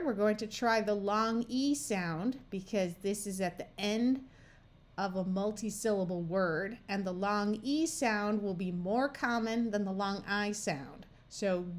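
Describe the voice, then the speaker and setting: An American woman walks learners through syllable rules at an unhurried pace. Her voice sits in a medium range. She says each sound and word one at a time with patient care. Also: mid-range voice. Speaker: reading tutor. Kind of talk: slow, careful phonics lesson.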